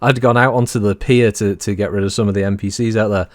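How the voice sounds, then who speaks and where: A man's voice: on the low side, fast talker, no room sound, studio quality. A man, a regular of the stream, telling stories in casual group chat and laughing often. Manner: animated storyteller, laughs often.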